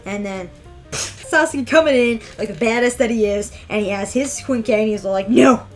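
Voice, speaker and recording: Brief: emphatic woman reviewing a manga chapter, slangy and excitable, a bit high-pitched. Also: moderate pace, soft background music. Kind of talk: casual chapter breakdown.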